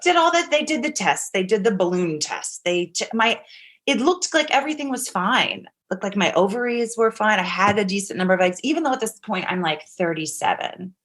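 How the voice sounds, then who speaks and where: A woman's voice: medium pitch, animated, brisk, a bit bright. Rambling woman telling a candid story. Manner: rambling, restarts, acts out quotes, swears casually. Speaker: guest, actor.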